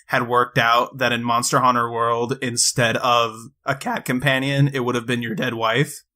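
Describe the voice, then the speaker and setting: A man co-hosting a casual video game podcast, speaking slowly with joking asides. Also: medium pitch, level tone, pushed and bright. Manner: slow, drawn-out, joking asides. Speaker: podcast co-host. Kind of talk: casual chat about video games.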